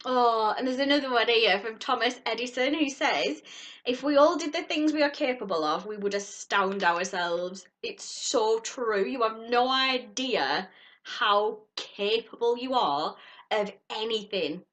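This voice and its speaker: A woman vlogging a subscription box unboxing in casual chat, gushing and excitable. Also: a little high, measured pace. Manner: gushing and excitable, squeals at surprises.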